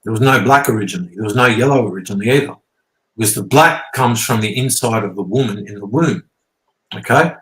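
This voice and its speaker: A man's voice: lowish voice, fast talker, a bit bright. A man, rambling and swearing as he explains things casually, often checking in with "okay?". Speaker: guest teacher. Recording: roomy echo.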